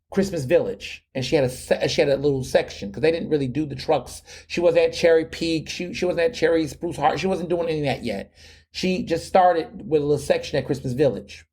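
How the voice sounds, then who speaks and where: A man's voice: fairly high pitch, a little mellow. Chatty man telling a story on a podcast. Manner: chatty, repeats words and restarts often, slangy. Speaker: podcast host. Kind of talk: casual storytelling monologue.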